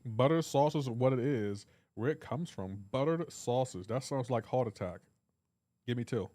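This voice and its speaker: A man's voice: medium pitch, unhurried, dark tone, no echo. Male streamer, casual and joking, reading chat aloud on a live stream, dry close sound, mid-range voice.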